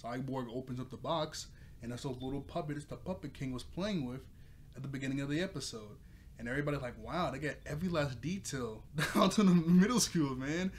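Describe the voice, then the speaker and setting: A man's voice: mid-range voice, brisk, a little hiss or hum. A young man hosting his own cartoon episode review, retelling the plot casually with frequent laughs and filler. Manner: rambling, laughs often, loose filler-heavy retelling. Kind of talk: casual recap talk.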